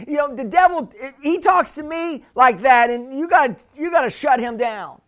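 Pastor, male, chatty sermon delivery with audience call-outs; extremely high voice. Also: animated, normal speed, hardly any pauses, a bit bright. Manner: chatty, laughing, calls and responses.

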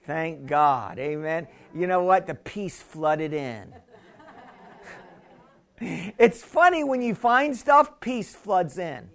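A man's voice: on the high side, expressive, slow, pauses often, a bit bright. A man preaching a sermon in a chatty way, laughing often and calling out to the congregation. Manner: chatty, laughing, calls and responses. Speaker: pastor.

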